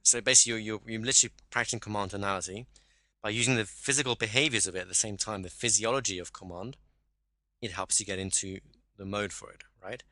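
A man coaches a caller through exercises in a one-to-one session. His voice sits a little low but sounds bright and forward. The sound is dry and close, with no room around it. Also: fairly even intonation, fast, no echo. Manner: instructive, checks in with "right?".

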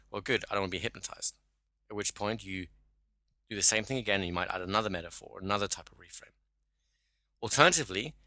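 A man's voice: on the low side, bright, forceful tone, no room sound. A man teaching a hypnosis class, explaining and acting out sample dialogue. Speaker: hypnosis trainer.

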